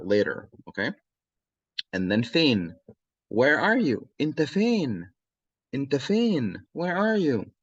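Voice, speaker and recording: Man teaching a language, slow and repetitive. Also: fairly low pitch, no echo, dull audio. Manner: repeats phrases slowly, checks in with "okay?" and "yes?". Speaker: Arabic teacher. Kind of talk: language lesson.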